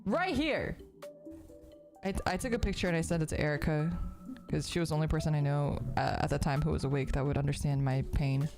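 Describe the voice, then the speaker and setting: A woman's voice: sits low, steady tone, fast talker, over music. A woman streamer chatting casually while building a model kit, rambling and putting herself down, with many restarts.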